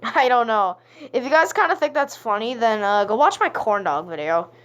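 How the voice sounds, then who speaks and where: A young woman playing a game and chatting casually to her viewers, playful, sometimes singing with deliberate voice cracks. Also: fairly high pitch, expressive, a bit bright. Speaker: gaming vlogger. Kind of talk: casual gaming commentary.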